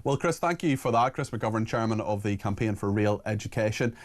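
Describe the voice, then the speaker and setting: A man's voice: fairly low pitch, fairly quick. A man hosting a talk radio interview, speaking in a conversational, somewhat hesitant way. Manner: conversational, hesitant, with filler restarts.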